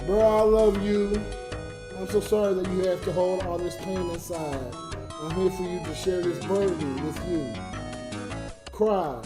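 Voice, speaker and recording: A man, drunk and close to tears, rambles to his live-stream audience in a high voice. He veers from shouted rants to low, mumbled thanks. The room echoes, and loud music plays behind him. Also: fairly even intonation, measured pace. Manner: emotional, swinging between shouting rants and soft mumbling. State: tearful. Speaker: livestreamer and comedian.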